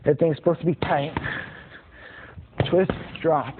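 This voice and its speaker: A man's voice: on the high side, moderate pace, pauses often. A man teaching boxing combinations, talking plainly and repeating punch sounds as he demonstrates. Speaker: boxing instructor. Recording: tinny phone-like sound with noise.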